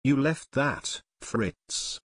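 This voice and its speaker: A man's voice: medium pitch, animated, extremely slow, fairly bright tone, husky, no echo, exaggerated voice. A man reading an audiobook, voicing a bald, quarrelsome thug in his thirties who grumbles defensively. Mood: accusing.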